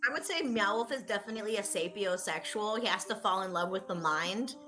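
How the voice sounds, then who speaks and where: A woman player cracking playful jokes in a mid-pitched voice. Clear background music plays beneath her. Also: fairly quick, pushed and bright. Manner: playful, joking. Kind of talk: casual out-of-character chat.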